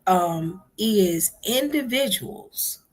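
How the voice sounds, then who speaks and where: Husky woman telling a story. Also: medium pitch, lively intonation, drawn-out words. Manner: chatty, addresses listeners as "y'all". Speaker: host. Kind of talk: casual storytelling to a live stream audience.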